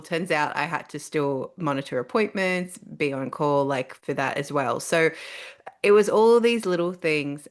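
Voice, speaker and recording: Aussie woman, middle-aged, low voice, earnest podcast guest telling her story. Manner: earnest, animated when quoting herself. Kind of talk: candid storytelling.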